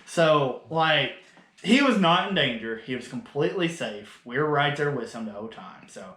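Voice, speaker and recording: A man co-hosts a casual podcast, chatting in a relaxed way and laughing a lot. His voice is fairly high with lively intonation, bright and pushed, at a normal pace. The room has noticeable echo.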